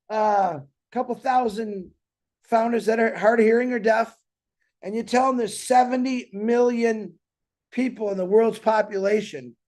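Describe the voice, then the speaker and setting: A man's voice: sits high, a little mellow. A man hosting a community show, talking earnestly and casually, rambling and repeating himself. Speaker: show host. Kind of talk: casual motivational talk to a community.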